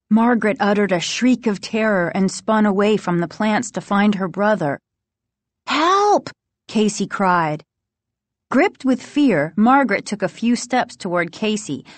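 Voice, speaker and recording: A woman narrating a children's horror novel in a slow, suspenseful reading. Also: mid-range voice, no echo. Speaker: audiobook narrator. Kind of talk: storybook narration.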